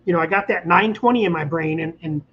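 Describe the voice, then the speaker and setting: A man's voice: fairly high pitch, fast talker, a bit bright, lo-fi sound, a little hiss or hum. A middle-aged man hosting a casual live stream, rambling in an upbeat way and reading out viewer comments. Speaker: channel host. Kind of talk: casual livestream chat.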